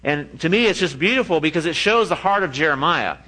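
A man preaching a sermon in a lively, joking way, often laughing at his own asides. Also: a little high, a little fast, low-quality recording. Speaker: pastor.

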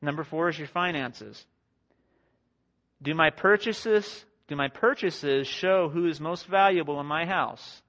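A young married man preaching a sermon to a congregation in a conversational, self-deprecating way, slipping into quick acted-out quotes. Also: on the high side, a bit bright. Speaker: pastor. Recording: dull lo-fi sound.

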